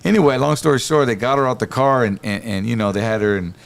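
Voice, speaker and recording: A man hosts a casual podcast chat. He tells stories in a loose, slangy way and often breaks into laughter. His voice sits at an ordinary mid pitch. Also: quick pace, gravelly. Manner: laid-back slangy storyteller, laughs often. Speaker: podcast host.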